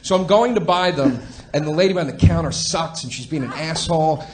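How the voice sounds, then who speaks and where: Ranting man telling comic stories, high-voiced. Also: a little fast. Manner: ranting, profane, acts out quoted people. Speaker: comedian guest. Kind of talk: comedic storytelling on a podcast.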